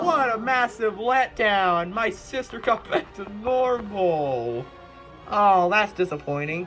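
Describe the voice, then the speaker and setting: A young woman reading her own old comics aloud, with animated, exasperated comedic commentary and laughing disbelief. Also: mid-range voice.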